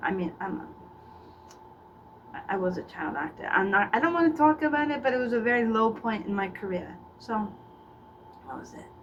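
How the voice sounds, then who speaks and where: A middle-aged woman rattles on in a gossipy comic monologue, tripping over her own restarts. Her voice sits a little high and comes from a mic set well back, with a faint hiss of background noise underneath. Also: fairly bright tone, distant mic, muffled recording. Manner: rambling, gossipy, with stammered restarts. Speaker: comedian playing a faded former child actor. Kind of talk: comedic character monologue.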